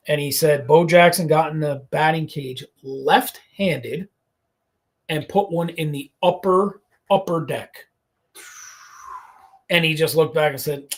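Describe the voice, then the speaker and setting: A man hosting a casual podcast, his voice gravelly with a raised pitch. He spins stories with animated energy, acting out quotes and swearing freely. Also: a little slow. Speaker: podcast host.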